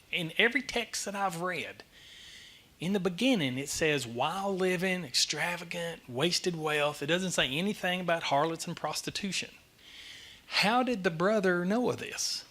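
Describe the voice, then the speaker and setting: A middle-aged man preaches in a church, his voice bright and sitting a little high. He tells the story in an animated way and pokes fun at himself as he goes. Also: moderate pace. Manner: animated storytelling, self-deprecating. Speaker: lay speaker giving a church message. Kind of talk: sermon. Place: church sanctuary.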